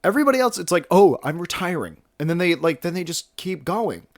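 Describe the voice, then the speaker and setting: A man's voice: high-pitched, animated, fast talker, no room sound, clean studio sound. A young man in his twenties vlogging at home, rambling and joking at himself with lots of fillers and restarts. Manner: rambling, self-mocking, many fillers and restarts. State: slightly out of breath. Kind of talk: casual rambling vlog.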